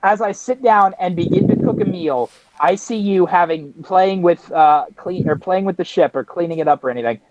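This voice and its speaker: High-voiced man playing a tabletop game. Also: very animated, moderate pace, hardly any pauses, dull audio, noisy background. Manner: talkative, slips into in-character speech. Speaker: player. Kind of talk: casual tabletop role-play.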